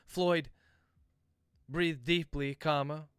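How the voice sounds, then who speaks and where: A man dictating his own novel aloud on a livestream, calling out each comma and period as he goes. His voice sits somewhat high and sounds crisp and smooth. The room is dry and close. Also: drawn-out words, no echo. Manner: dictates prose aloud, speaking punctuation marks; relaxed, chatty asides to viewers. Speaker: author.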